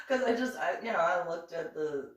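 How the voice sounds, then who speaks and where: A woman tells a rambling personal story in a casual, animated way. She often laughs and acts out both sides of the dialogue. Her voice sits a little low and sounds roomy, as if the mic is some distance away. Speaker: reverend reading and commenting on her diving memoir.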